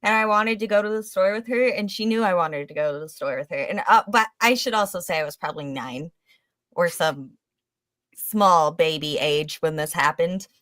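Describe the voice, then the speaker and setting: A woman co-hosting a casual podcast chat, teasing the others with quick banter. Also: fairly low pitch, fairly bright tone, no room sound. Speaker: podcast co-host.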